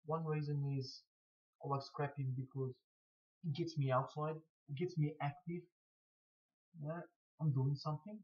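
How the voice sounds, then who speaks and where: Stuffy-nosed man, halting speech. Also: on the high side, steady tone. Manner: halting, stuttering, frequent restarts. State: blocked nose from hay fever. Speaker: scrap collector vlogger. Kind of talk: casual to-camera Q&A. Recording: dull lo-fi recording.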